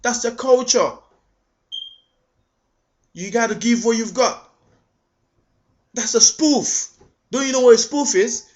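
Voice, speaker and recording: A man's voice: very high-pitched, takes it slowly, pauses often, a little hiss or hum. A man giving an indignant video response, firing off rhetorical questions and stumbling over repeated words. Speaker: vlogger. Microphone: webcam. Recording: dull lo-fi webcam audio.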